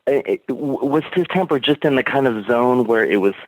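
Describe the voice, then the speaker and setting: A man's voice: medium pitch, normal speed, no room sound, rough recording. A man from Virginia calling in to ask earnest, wordy questions of a podcast host. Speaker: caller. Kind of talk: phone-in questions.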